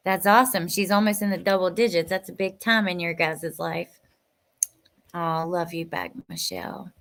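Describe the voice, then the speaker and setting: Emotional, chatty woman streamer, lowish voice. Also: lively intonation, normal speed. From West Virginia. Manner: chatty and emotional, often dropping to a soft near-whisper. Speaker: livestream host. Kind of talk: casual live-stream chat reading viewer comments.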